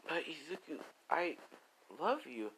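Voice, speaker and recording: A man voicing a distressed young mother who is fleeing her husband, pleading in a high, shaky voice. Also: big pitch swings, unhurried, fairly bright tone, slight background noise, heavily acted, poor audio.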